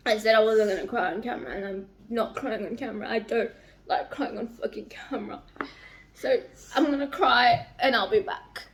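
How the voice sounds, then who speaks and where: A woman's voice: fairly high pitch, moderate pace. A young woman talking casually in a book vlog, emotional and rambling, swearing a lot. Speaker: book vlogger.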